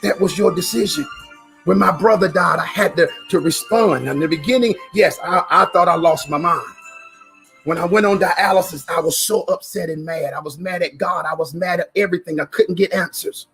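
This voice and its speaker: Man, motivational speaker, high voice, emphatic preaching delivery, repeats phrases. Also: normal speed, creaky, fairly bright tone, faint music behind. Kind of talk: motivational talk.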